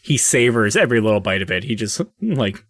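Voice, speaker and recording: A man's voice: fairly low pitch, expressive, a little fast, a bit bright, no room sound, clean studio sound. A man narrating as game master in a loose, hesitant way with many fillers.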